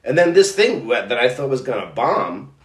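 A middle-aged man chatting casually as a co-host, telling stories in a rambling, animated way with many restarts. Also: medium pitch, normal speed. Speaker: podcast co-host. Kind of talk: casual chat. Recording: roomy echo.

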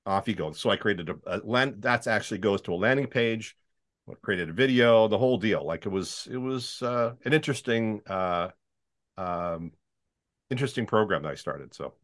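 A man's voice: lowish voice, animated, moderate pace. A voiceover artist, a man, explaining his business in a casual interview. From Canada. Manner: explanatory, with many fillers and restarts.

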